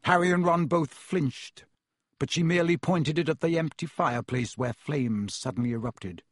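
Husky male audiobook narrator. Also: a little high, dry recording, clean studio sound. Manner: measured, expressive reading. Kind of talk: storybook reading.

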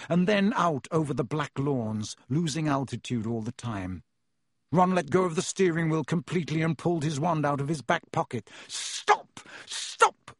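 A man narrating a storybook in a steady, expressive storytelling voice on a close mic. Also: mid-range voice, slightly rough, no echo. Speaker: audiobook narrator.

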